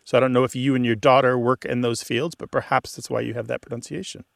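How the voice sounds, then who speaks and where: A man's voice: medium pitch, flat delivery, fast talker, creaky, dry recording, studio quality. A man hosting a call-in radio show, explaining word usage to a caller with enthusiasm. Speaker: host.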